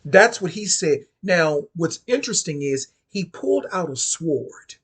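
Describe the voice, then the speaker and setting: A man with a slightly high, lively voice speaks at a measured pace, his tone a bit bright and slightly rough. He offers casual, sassy, chatty commentary on occult subjects, frequently repeating himself and restarting phrases.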